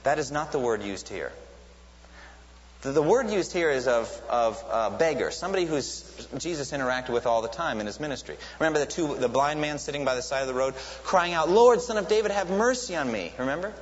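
A man's voice: mid-range voice, animated, a little fast. A man preaching a sermon in an earnest teaching tone, lifting his voice sharply when he quotes a cry. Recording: lo-fi recording with long hall reverb and faint hiss.

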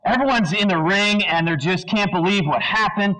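This preacher's voice sits high, and the audio is poor. Delivering a sermon to his congregation, he stays lively and conversational, asking listeners questions and dropping brief impressions of movie lines.

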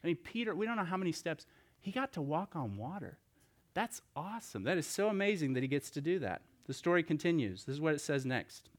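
A pastor preaches a sermon in a slightly high, very animated voice, speaking a little fast. He tells a scripture story conversationally, asking rhetorical questions and restarting his sentences along the way.

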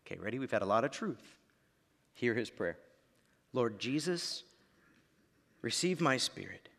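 A man in his thirties preaching a sermon, dropping to quiet lines and then building to shouts. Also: medium pitch, animated, a little slow, creaky. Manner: dramatic, swings from quiet to shouting. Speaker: pastor. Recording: long reverb of a large hall.

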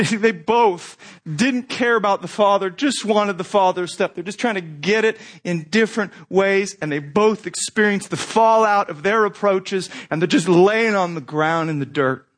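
A man preaching a sermon as pastor, conversational and animated, often asking rhetorical questions. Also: high voice.

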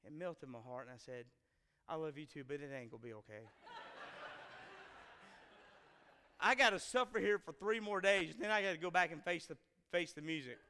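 A man's voice: a little high, expressive, fast, pushed and bright, clear, resonant tone. A man, telling a self-deprecating personal story to a live audience and acting out the quotes. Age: 40s. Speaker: speaker addressing a live audience. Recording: long hall reverb.

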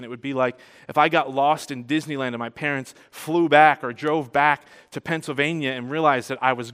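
A man preaching a sermon as a pastor, conversational and animated, growing louder and softer as he tells the story. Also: medium pitch, clear, resonant tone. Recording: long hall reverb.

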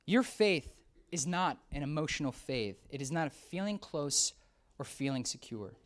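Casting note: animated preacher, conversational sermon, big swings from hushed to excited. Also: mid-range voice, normal speed. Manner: lively, swings from hushed to excited outbursts, acts out quoted voices.

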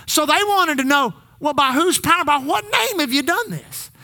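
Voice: sits high, lively intonation, normal speed, bright, forceful tone. A pastor preaching a sermon in church, calling on the congregation to repeat phrases back. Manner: exhorting, call-and-response with the congregation.

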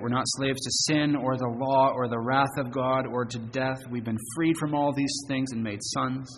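A man preaching an evening sermon in a church. He leans hard on key words, then lets his phrase endings fall away quietly. The voice has an average pitch and trails into a long hall reverb, with faint noise underneath. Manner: earnest preaching, rising to emphatic stresses and dropping soft at phrase ends. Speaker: pastor. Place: church sanctuary.

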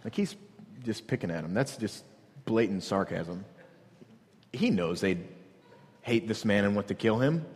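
A man's voice: lowish voice, lively intonation, a little slow, long pauses, darkish tone, in a large hall. A man preaching a sermon as pastor, earnest and repetitive, pressing his point with rhetorical questions.

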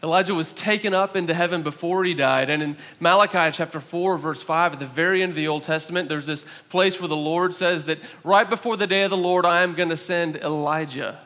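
A man preaching a sermon as pastor, talking conversationally with an animated delivery. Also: a little high, a little fast, few pauses, big-room sound.

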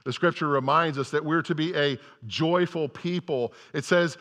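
A man's voice: on the high side, normal speed, a bit bright. A male pastor giving a conversational sermon, often repeating words and restarting sentences as he talks. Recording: long hall reverb.

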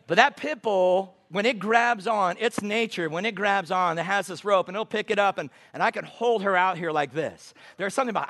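A middle-aged man giving a sermon as a guest preacher, emphatic, slowing down to quote scripture. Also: high voice, a bit bright.

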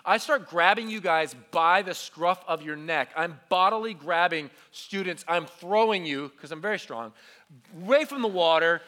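A young man youth pastor delivers a sermon to junior high students, acting out his story with animated energy. His voice sits high and bright. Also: normal speed. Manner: animated storytelling, acts out quotes.

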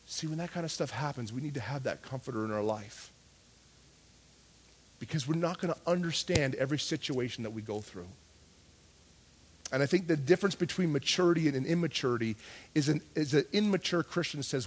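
A middle-aged man, a pastor, preaching a sermon in a conversational way, acting out his own prayers and swinging from loud to hushed. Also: medium pitch, lively intonation, a little fast.

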